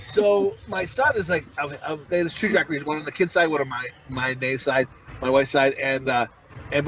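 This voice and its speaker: Middle-aged guy on a podcast, swearing a lot, yelling out quotes, bit of noise behind. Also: medium pitch. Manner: rambling, swearing, loud acted-out quotes. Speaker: podcast co-host. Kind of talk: casual comedic chat.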